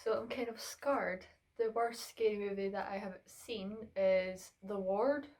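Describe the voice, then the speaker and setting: A young woman films a casual Q and A vlog on her phone in her bedroom, chatting and rambling with fillers while slightly out of breath. Her medium-pitched voice is a little mellow, with fairly even intonation and a measured pace.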